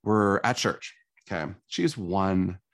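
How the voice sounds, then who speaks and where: A man's voice: low voice, takes it slowly. A man, a guest, earnestly telling his personal story in a conversation.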